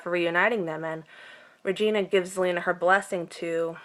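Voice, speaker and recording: A woman's voice: lowish voice, steady tone, moderate pace, a bit bright. A woman giving a casual vlog recap of a TV episode, emotional and gushing, with many fillers and restarts. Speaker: TV recap vlogger.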